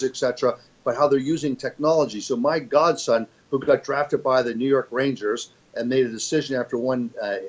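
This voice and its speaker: An older man, a fund executive, speaks in a conversational interview, rambling and emphatic with many restarts. His voice is mid-range, and the recording has its high frequencies cut off.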